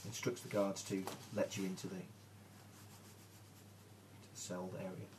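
A man's voice: sits low, level tone, moderate pace. A man narrating as game master of a tabletop game, describing scenes with fillers. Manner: hesitant, with fillers. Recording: noisy room recording.

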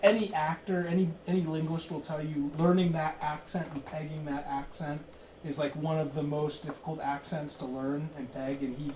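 A man's voice: on the high side, level tone, normal speed, a little mellow. A man playing in a tabletop game, rambling in casual chat, laughing often and swearing freely. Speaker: player. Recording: roomy, distant mic, light noise.

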